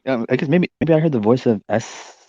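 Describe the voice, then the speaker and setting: A man in casual group chat, low-key and hesitant. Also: expressive, fairly quick, warm tone, no echo. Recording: muffled lo-fi line.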